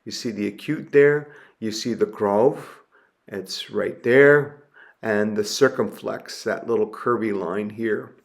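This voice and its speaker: Guy teaching greek in a video lecture, slow, says each word twice, gravelly kinda low voice. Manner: slow and deliberate, repeating each word to model pronunciation; frequent fillers and restarts.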